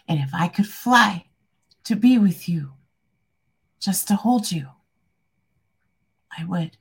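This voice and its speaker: Woman, husky, slow, heartfelt, rambling, tearful, personal vlog. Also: low voice. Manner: rambling, heartfelt, soft-spoken. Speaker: vlogger.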